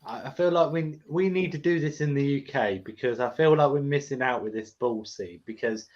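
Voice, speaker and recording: A man's voice: medium pitch, moderate pace. A man hosting a casual live stream, playful and chatty as he asks his guest questions. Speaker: host. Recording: dull lo-fi stream audio.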